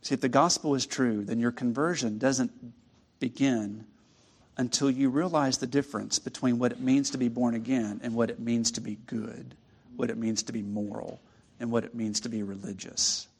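A man preaching a sermon in a conversational, halting way with frequent restarts. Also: mid-range voice, steady tone, vocal fry, husky.

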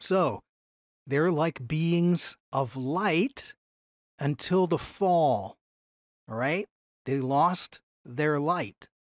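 A man teaches a Bible class from his slides, speaking in a fairly high voice. He is animated and often slows down to lean on key phrases. The sound is dry and close, with little room around it. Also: dry recording.

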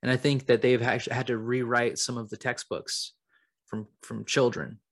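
A young man co-hosting a comedy podcast, spinning absurd claims with a mock-serious, deadpan delivery. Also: medium pitch, normal speed, no room sound, studio quality. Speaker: podcast co-host. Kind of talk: improvised comedy podcast chat.

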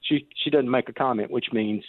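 A man's voice: medium pitch, moderate pace. A man calling in to a talk radio show, rambling and hesitant with many restarts as he speaks. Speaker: caller. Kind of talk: casual call-in chat. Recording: tinny phone line.

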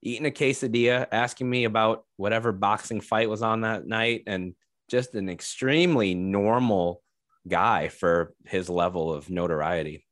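A man's voice: lowish voice, normal speed, fairly bright tone, dry recording, clean studio sound. A man who does comedy, chatting easily as a guest on an interview podcast. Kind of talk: casual interview chat.

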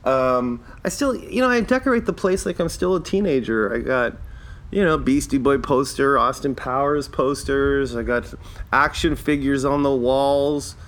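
A fifty-something Canadian man talking solo on his podcast, his pitch sitting right in the middle. He rambles and wanders off track, pokes fun at himself and chuckles at his own jokes. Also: moderate pace, a bit bright. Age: 50s. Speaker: podcast host. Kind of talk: casual solo podcast monologue.

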